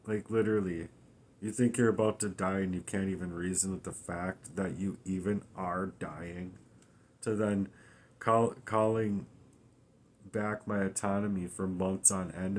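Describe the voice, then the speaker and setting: Distressed man in a halting vlog monologue. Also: low-pitched. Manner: raw, halting, with frequent restarts and swearing. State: weary and distressed. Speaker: vlogger. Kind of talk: emotional personal monologue.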